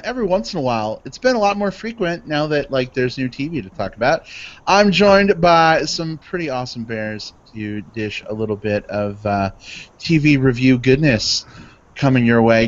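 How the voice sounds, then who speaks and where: A man's voice: fairly high pitch, lively intonation, normal speed, fairly bright tone. A man hosting a live podcast, upbeat and chatty, with lots of fillers. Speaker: podcast host. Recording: dull lo-fi stream audio.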